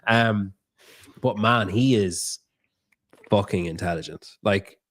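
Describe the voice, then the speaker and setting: A man's voice: on the low side, takes it slowly, dry recording. A man hosting a podcast, chatting loosely and swearing freely as he asks questions. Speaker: podcast host. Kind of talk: casual interview chat.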